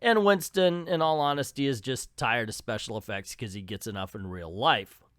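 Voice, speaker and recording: A man's voice: mid-range voice, normal speed, a bit bright, no room sound, clean studio sound. A man giving a casual, sarcastic spoken review of a comic book, with wry running commentary.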